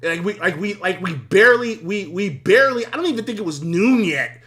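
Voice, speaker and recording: A man hosts a live sports talk stream in a high, brisk voice worn down from yelling, excitable and swearing freely, laughing a lot and repeating himself.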